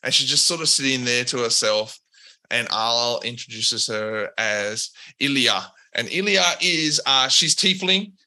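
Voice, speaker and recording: A man's voice: medium pitch, measured pace, bright, forceful tone. A man narrating a tabletop role-playing game as game master, rambling with many fillers.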